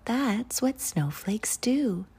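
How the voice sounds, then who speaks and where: A woman voicing a calm, gentle cloud in a soft whispered role-play of a storybook. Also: fairly high pitch, drawn-out words, slightly rough, pitched above the performer's own voice, full character voice. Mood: reassuring. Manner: hushed, reassuring. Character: calm gentle cloud, kindly matter-of-fact.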